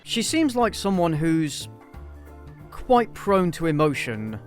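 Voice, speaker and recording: A man's voice: fairly high pitch, sing-song, slow pace, soft background music. A man hosting a scripted commentary review, blunt, sarcastic and openly profane. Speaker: video essay host.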